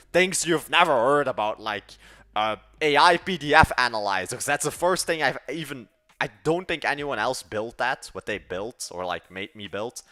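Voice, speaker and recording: An eighteen-year-old app developer from Belgium, speaking with a Dutch accent in a medium-pitched, sharp-toned voice, streams himself coding. He rambles in slang, addressing his chat and muttering while he works.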